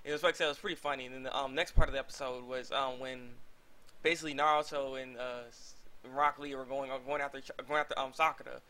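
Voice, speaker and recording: A young man reviewing an anime episode in a rambling, excitable way, full of fillers and restarts. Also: medium pitch, fast talker. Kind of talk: casual video review.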